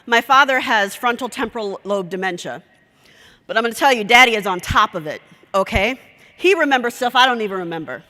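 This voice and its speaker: Bright-voiced woman telling a story in a hall. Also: on the high side, brisk. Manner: lively storyteller who acts out dialogue. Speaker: conference speaker. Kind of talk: storytelling conference talk. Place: conference session hall. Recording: echoey conference hall.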